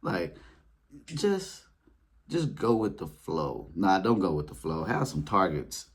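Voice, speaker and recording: A man speaking in a casual storytelling monologue, animated, acting out his past reactions in a high voice. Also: slow, slightly rough. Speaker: spiritual video creator.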